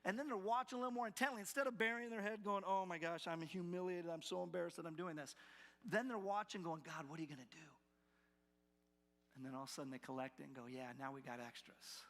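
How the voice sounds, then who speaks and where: A man preaching a sermon as pastor, animated, acting out the doubting voices of the people he describes. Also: sits high, fast. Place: church sanctuary. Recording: long hall reverb from a church.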